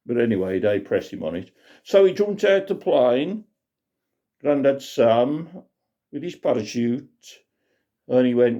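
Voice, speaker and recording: A man's voice: mid-range voice, expressive, measured pace, long pauses, warm tone. A man telling a comic folk tale in a chatty, rambling way. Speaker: storyteller. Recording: dull lo-fi recording.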